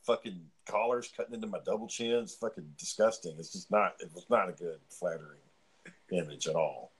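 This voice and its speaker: A man's voice: sits low, brisk, slightly rough. A man hosting a podcast, telling stories in casual chat with lots of cursing and laughter. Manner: profane, laughing storyteller. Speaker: podcast host.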